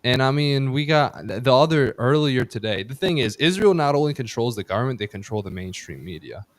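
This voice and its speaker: A man's voice: mid-range voice, lively intonation, a little fast, dry recording. A man hosting a casual political podcast, heated and profane, rambling with restarts on a close mic. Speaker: podcast host.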